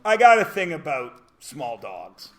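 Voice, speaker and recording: A man teaching a math class in a classroom, lecturing in a high voice. His pitch leaps and dives as he jokes and rants, now and then bursting into a shout. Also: wildly swooping pitch, unhurried. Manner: loud, joking rants with sudden shouts.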